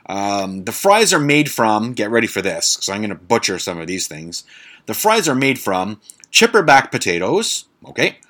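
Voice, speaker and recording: A man's voice: lowish voice, big pitch swings, normal speed, pushed and bright. A man hosting a casual monologue podcast, blunt and sarcastic, swearing freely and stumbling over fancy words. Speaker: podcast host.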